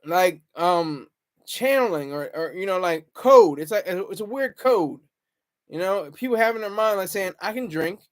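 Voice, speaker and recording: A man hosting a casual livestream, rambling and chatting with viewers in the comments. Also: high-pitched. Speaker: livestream host.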